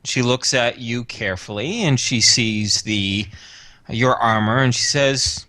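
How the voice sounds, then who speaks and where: A man narrating a tabletop game as game master, relaxed with fillers. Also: medium pitch, measured pace, no echo.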